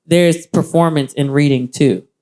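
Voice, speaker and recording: A woman speaking, giving lively casual feedback to a poet and acting out quoted voices. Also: low voice, a little slow. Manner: animated, acts out quoted voices. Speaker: judge on a poetry open mic show.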